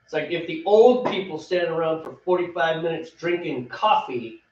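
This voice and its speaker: A man's voice: fairly high pitch, expressive, moderate pace, darkish tone. A man co-hosting a homebrewing show, chatting casually and laughing often. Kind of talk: casual chat while brewing. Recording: roomy, distant, dull sound with faint background noise.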